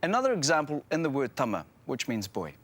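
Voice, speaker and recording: A man's voice: medium pitch, sing-song, quick pace. A man with a New Zealand accent co-hosting a language lesson show, presenting in a playful, joking way.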